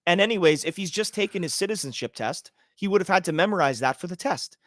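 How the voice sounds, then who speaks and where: A man from Canada co-hosting a livestream podcast, ranting forcefully and swearing freely. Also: high-pitched, animated, fast, no room sound, clean studio sound. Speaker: podcast co-host. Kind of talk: heated livestream podcast talk.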